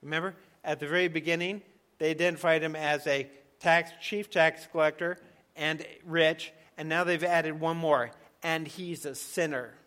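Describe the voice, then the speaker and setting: A man preaching a sermon in a conversational, emphatic way, dropping to soft asides now and then. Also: a little high, steady tone, normal speed. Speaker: pastor.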